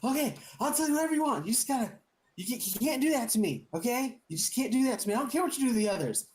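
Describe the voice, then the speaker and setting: Man playing a squeaky, helium-pitched thief; frantic, pleading, fast. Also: dark tone. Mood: panicked. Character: panicked male thief with a shrunken head.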